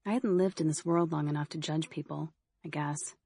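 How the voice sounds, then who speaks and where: A woman narrating a first-person horror audiobook in a steady, measured storytelling manner. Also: sits low, vocal fry, husky, no room sound.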